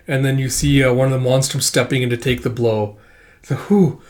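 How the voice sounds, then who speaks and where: A man's voice: mid-range voice, fairly even intonation, fairly quick, a little mellow. Rambling man retelling a comic. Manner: rambling, filler-heavy with lots of "like". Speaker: comic book reviewer. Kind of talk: casual comic read-through.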